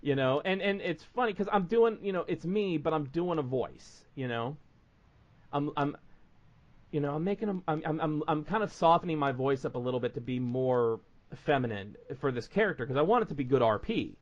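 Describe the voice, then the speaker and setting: A man's voice: a little high, animated, brisk, muffled recording. A man hosting a podcast, telling stories in rambling casual chat full of fillers. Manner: rambling storytelling with many fillers. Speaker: podcast host.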